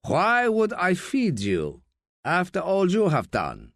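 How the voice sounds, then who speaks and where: A man voicing a morose, sullen local man who speaks slowly and sulkily. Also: high voice, wildly swooping pitch, creaky, fairly bright tone, no room sound, clean studio sound, pitched above the performer's own voice, full character voice.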